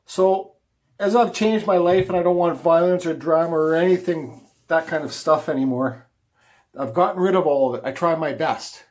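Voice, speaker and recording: A man's voice: a little high, normal speed, darkish tone. A middle-aged man, casually talking to camera about his carving and telling a personal story in a rambling, repetitive way. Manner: rambling, conversational, repeats words while telling a story. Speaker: woodcarving vlogger.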